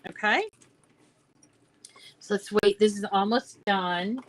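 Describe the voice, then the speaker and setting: A woman's voice: mid-range voice, takes it slowly, no room sound, low-quality recording. An older woman hosting a crafting video, chatting in a rambling, self-deprecating way while she works. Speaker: crafting channel host. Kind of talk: casual crafting tutorial chat.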